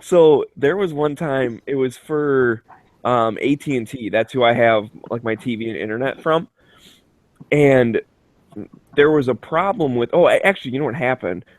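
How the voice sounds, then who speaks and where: A man's voice: medium pitch, moderate pace, no echo. A man in casual chat, telling stories with lots of swearing and acting out the voices of others. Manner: profane, animated storyteller who acts out voices. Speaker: show host.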